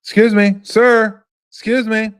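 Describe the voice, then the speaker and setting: A man's voice: high-pitched, flat delivery, unhurried, smooth, voice pushed up. A man voicing a polite but insistent airline boarding agent who keeps calling after a passenger in a clipped, courteous way. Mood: insistent politeness. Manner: repeating a clipped, courteous call.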